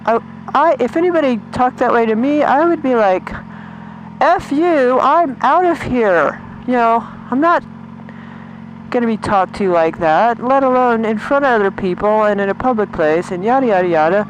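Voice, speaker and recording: A woman's voice: fairly high pitch, lively intonation, normal speed, poor audio. A woman vlogger chatting indignantly while riding a motorcycle on the road, in a casual rant. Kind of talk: ranting casual monologue. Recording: loud road and engine noise.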